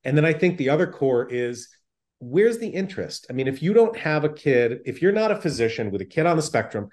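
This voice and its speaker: A man's voice: fairly high pitch, big pitch swings, a little fast, darkish tone. A man speaking as a doctor in an interview, explaining things in an emphatic, plain-spoken way.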